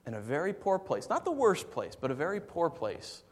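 A man preaching a sermon, swinging from soft, low asides to loud, emphatic passages and telling stories in a conversational way. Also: wildly swooping pitch, normal speed. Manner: conversational storytelling with fillers. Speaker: pastor. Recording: long hall reverb.

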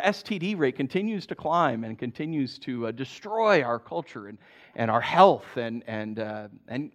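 A man preaching with a lively voice that climbs and drops all over the place. His pitch sits a little high for a man, and he keeps things conversational with quick, offhand asides. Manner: conversational, animated, with asides and laughs. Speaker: pastor. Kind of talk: sermon.

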